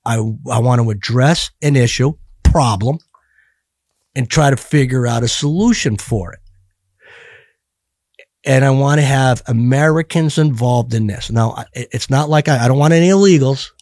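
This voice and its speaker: A man's voice: medium pitch, normal speed, a little mellow, no echo, clean studio sound. A middle-aged man talking bluntly and profanely as a podcast guest, rambling with many restarts. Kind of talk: casual podcast conversation.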